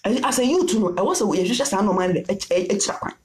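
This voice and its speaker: A woman's voice: medium pitch, animated, rapid-fire, a little mellow, roomy sound. A woman preaching a sermon in Twi with English phrases, repeating her key lines again and again. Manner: repetitive call-and-response preaching, mixing Twi with English phrases. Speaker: prophetess preacher.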